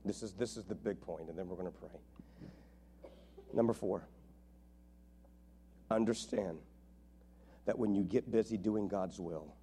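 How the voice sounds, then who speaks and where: A man's voice: fairly low pitch, fairly quick, long pauses, mellow, slight background noise. A male pastor preaching a sermon in a conversational way, repeating his key points for emphasis.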